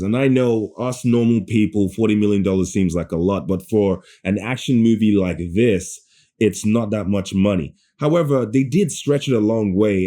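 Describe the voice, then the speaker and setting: Ranting, sarcastic man with mellow voice. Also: lowish voice. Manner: sarcastic, animated rant with profanity. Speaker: movie reviewer. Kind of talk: ranting movie review.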